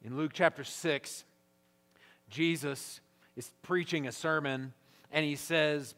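A pastor in his thirties or forties preaches to a crowd in a large church gathering hall. His slightly high, somewhat bright voice moves with lively intonation at an unhurried pace, and he drives his points home through emphatic repetition that builds in force.

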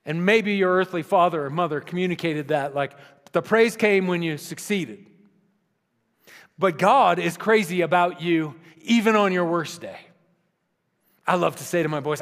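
A male pastor preaches in a relaxed, conversational way, sometimes sinking to a hushed, intimate register. His voice sits slightly high for a man. A long reverb from a large hall follows each phrase. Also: moderate pace. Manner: conversational preaching, dropping to soft intimate tones. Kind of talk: sermon.

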